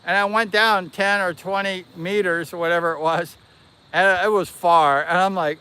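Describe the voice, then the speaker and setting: A man hosting a livestream, casually telling a long personal story in an animated, rambling way and correcting himself as he goes. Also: sits high, moderate pace, clean tone. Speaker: livestream host.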